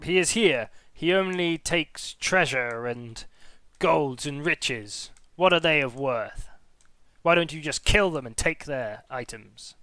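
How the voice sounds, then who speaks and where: A man voicing a wary male kobold guard who shouts, stammers and sounds suspicious. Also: fairly high pitch, animated, slow pace, no echo, exaggerated voice. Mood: scheming.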